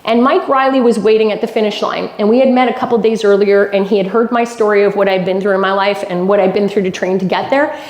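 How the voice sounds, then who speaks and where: A woman's voice: mid-range voice, steady tone, fast, hardly any pauses, a little mellow, reverberant. A woman from Canada giving a motivational keynote, telling a personal story with emphatic repetition. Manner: emphatic storytelling, repeats lines for effect. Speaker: keynote speaker. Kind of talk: motivational speech. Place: golf club event hall.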